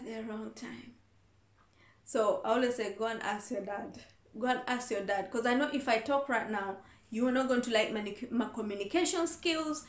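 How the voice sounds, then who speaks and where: A woman reverend answering viewer questions in a casual advice talk, earnest and repeating her points for emphasis. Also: on the high side. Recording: echoey room.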